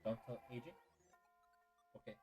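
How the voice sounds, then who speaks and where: A man's voice: moderate pace, warm tone, soft background music, poor audio. A tired man streaming a game and chatting casually with viewers. He yawns, answers chat, and apologizes often. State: tired and yawning.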